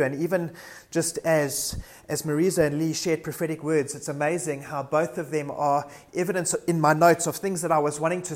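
A man preaching a sermon earnestly, building to emphatic lists and reading scripture aloud. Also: on the high side.

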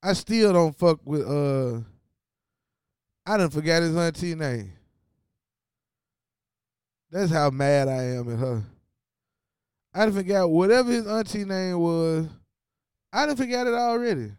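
A man talks over a TV finale at an unhurried pace, loose and full of slang as he speaks straight to his viewers. His voice sits high and sounds smooth and clear. The recording is dry and close, with no room sound. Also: lively intonation, darkish tone, dry recording. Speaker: show host. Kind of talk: casual TV recap commentary.

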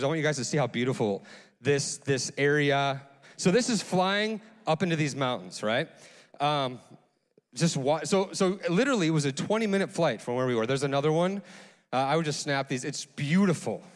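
A man preaching a sermon as pastor, telling a story in a casual, animated way, full of restarts and fillers. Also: a little high. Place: church sanctuary. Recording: long church hall reverb.

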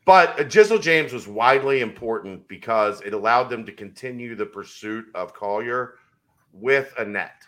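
A man's voice: medium pitch, normal speed, fairly bright tone. A man co-hosting a casual sports podcast, explaining his points with confidence. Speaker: podcast co-host.

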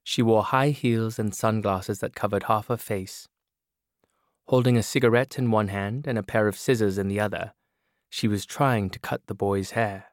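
A man narrating a novel in a measured first-person reading. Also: fairly low pitch, steady tone, dry recording. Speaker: audiobook narrator. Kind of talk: scripted narration. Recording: dry studio booth.

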